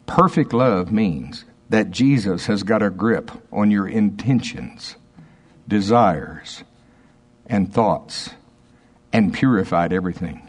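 A man preaching in a lowish voice, earnest and emphatic. He reads quoted passages slowly and breaks off to check in with his listeners. His delivery is that of a pastor giving a sermon. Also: animated, slightly rough.

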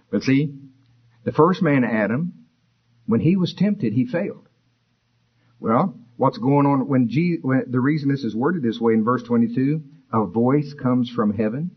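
A man preaching a sermon, explaining scripture in a conversational way and rising in pitch for emphasis. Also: husky, lo-fi sound. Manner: expository, conversational, rises for emphasis.

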